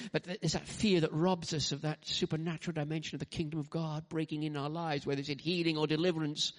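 Male preacher, fairly high voice, lively sermon delivery with asides and restarts. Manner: animated, acts out quotes, frequent "you know" and restarts. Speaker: pastor.

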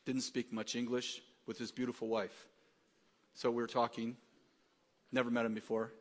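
A man preaching a sermon, telling jokey stories that build to excited rising questions. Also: mid-range voice, moderate pace, big-room sound. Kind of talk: sermon with storytelling.

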